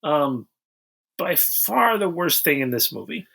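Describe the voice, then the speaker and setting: A man's voice: fairly high pitch, sing-song, a little slow, gravelly, bright, forceful tone, husky. A man co-hosting a podcast, recapping a movie plot in a dry, dismissive way. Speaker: podcast co-host. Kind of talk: casual chat.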